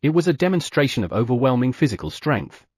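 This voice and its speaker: A man narrating an audiobook in a lively storytelling manner, voicing the sound effects. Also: medium pitch, fast talker, breathy edge, no room sound, clean studio sound. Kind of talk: scripted narration.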